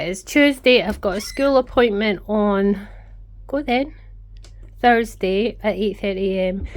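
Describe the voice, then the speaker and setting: A middle-aged woman talking casually as she works in her craft studio, rambling from one thing to the next. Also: medium pitch. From Scotland. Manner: rambling, chatty, talks to her pets. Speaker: craft vlogger. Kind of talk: casual chatty vlog.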